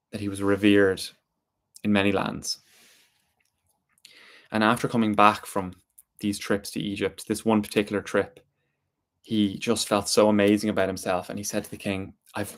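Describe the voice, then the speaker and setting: A man telling a story aloud, slow and deliberate with drawn-out pauses. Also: on the low side. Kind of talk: spoken storytelling.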